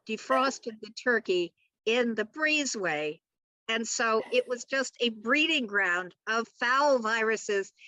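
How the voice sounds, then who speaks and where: A woman author on a panel, telling a funny family story in an animated way and acting out the people in it. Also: medium pitch, dry recording. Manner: animated storyteller who acts out other people's voices. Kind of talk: comic personal anecdote.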